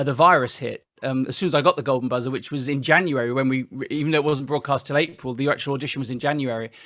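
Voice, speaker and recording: A middle-aged man from Britain, telling stories as an interview guest with lively restarts. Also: medium pitch, no echo, clean studio sound. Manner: animated storytelling with frequent restarts. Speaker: interview guest, singer-songwriter. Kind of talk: casual interview chat.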